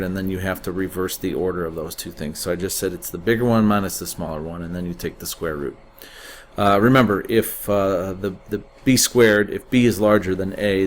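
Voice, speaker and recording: A man's voice: sits low, slight background noise. A man teaching a recorded math lesson, explaining steadily with frequent uh fillers.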